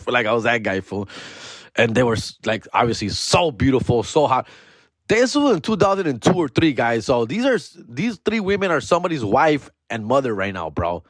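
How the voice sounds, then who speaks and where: A man telling a profane comedy story on his podcast, dropping Spanish words and doing other people in high voices. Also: big pitch swings, normal speed, no room sound, studio quality. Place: podcast studio.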